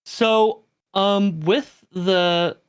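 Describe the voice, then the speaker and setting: A man's voice: sits high, steady tone, extremely slow, clean tone, dry recording, clean studio sound. A man co-hosting a gaming podcast, chatting casually and enthusiastically with lots of fillers. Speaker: podcast co-host. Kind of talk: casual chat.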